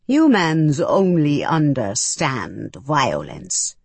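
A growling alien creature, cold and distrustful, as a woman puts it on in a storybook reading. It drags each word out slowly and heavily in a low, breathy voice. The sound is close and dry, with no room around it. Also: sing-song, no echo, heavily acted. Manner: slow, measured, menacing delivery.

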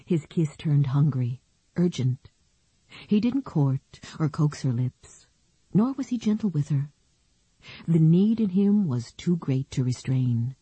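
A female audiobook narrator with a low, warm voice and a soft, breathy texture. She tells the story in an even, unhurried way. The recording is close and dry, with no room around it. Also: dry recording. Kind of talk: scripted narration.

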